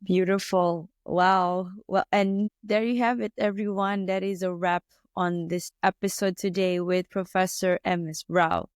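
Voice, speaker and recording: Woman podcast host, mid pitch, dry mic, effusive, uplifting sign-off. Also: little pitch movement, unhurried, few pauses, smooth, no room sound. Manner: effusive and affirming, inspirational sign-off. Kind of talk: closing a podcast interview.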